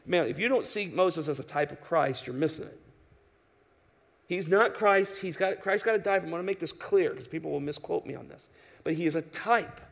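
A man's voice: on the high side, brisk, vocal fry. A man preaching an expository sermon in an emphatic, conversational way, asking his listeners rhetorical questions. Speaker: pastor.

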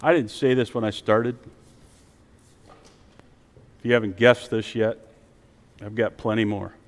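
A male pastor preaching a sermon in a church, rising to emphatic peaks and then dropping to a soft, quiet voice to lead prayer. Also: on the low side, fairly even intonation, unhurried, big-room sound. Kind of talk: sermon with altar call. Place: church sanctuary with online stream.

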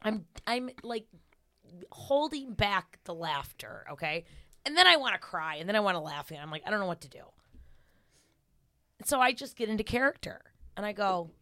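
A woman's voice: medium pitch, sing-song, moderate pace, sharp tone, dry recording, clean studio sound. A young woman comedian, a podcast guest, telling a story in casual chat, laughing as she acts out quotes.

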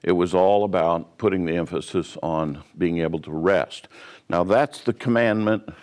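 A man with a low, deep voice gives a verse-by-verse Bible teaching, explaining at an unhurried pace. He pauses often, fills gaps with "uh", and restarts his sentences as he works through the passage. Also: a little mellow. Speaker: pastor.

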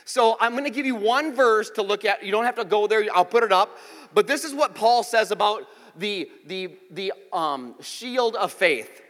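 A man's voice: high voice, animated, normal speed, fairly bright tone. A man in his forties preaching a sermon, telling jokey stories with voiced quotes, in a church auditorium. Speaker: pastor. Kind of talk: sermon with storytelling. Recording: reverberant hall.

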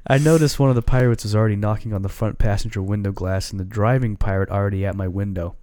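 A man's voice: on the low side, steady tone, fast, mellow, dry recording, studio quality. A man hosting a casual chat, reading a story aloud in an amused, laid-back way and swearing casually.

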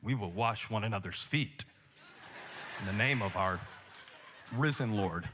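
A man's voice: on the low side, unhurried, in a large hall, noisy background. A man preaching a sermon in a conversational style, repeating words for emphasis. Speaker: pastor.

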